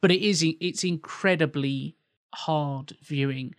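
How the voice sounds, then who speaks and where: Guy agreeing about a film, bit higher voice, trips over his words, dry recording. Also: a little slow, dry recording. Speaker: podcast co-host. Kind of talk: casual film chat.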